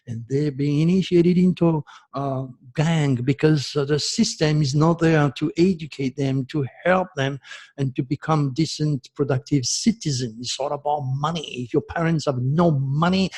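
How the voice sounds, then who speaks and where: A man's voice: a little high, steady tone, normal speed, darkish tone. A man from France, hosting an astrology show in a passionate, ranting monologue that turns emotional. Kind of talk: impassioned video monologue.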